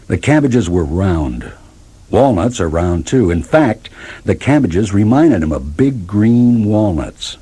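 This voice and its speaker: Husky man reading a children's story. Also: fairly low pitch, takes it slowly. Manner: lively expressive reading. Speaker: narrator. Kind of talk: storybook read-aloud.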